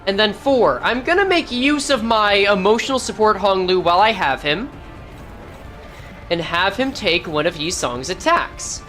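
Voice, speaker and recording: A woman's voice: medium pitch, expressive, moderate pace, a bit bright, faint music behind. A woman streamer giving casual gameplay commentary, thinking aloud and correcting herself as she goes. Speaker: game streamer.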